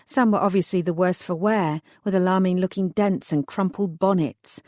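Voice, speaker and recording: Lady reading an audiobook, wry and measured, dry close mic. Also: fairly low pitch, darkish tone, dry recording. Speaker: audiobook narrator. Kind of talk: first-person audiobook narration.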